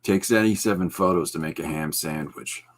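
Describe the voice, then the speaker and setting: A man voicing a melancholy, deadpan male stand-up comedian, low and flat. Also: moderate pace.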